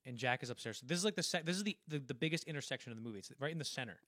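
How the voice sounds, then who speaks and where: A man's voice: mid-range voice, animated, racing, a bit bright, no echo, clean studio sound. A young man co-hosting a casual film podcast, animatedly retelling scenes in a rambling way full of restarts. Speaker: podcast co-host.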